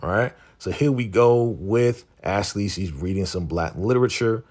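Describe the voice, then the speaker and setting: A man's voice: on the low side, moderate pace, a little mellow. A man hosting a casual TV episode recap, retelling scenes in a laid-back, chatty, slangy way full of fillers. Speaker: TV recap host.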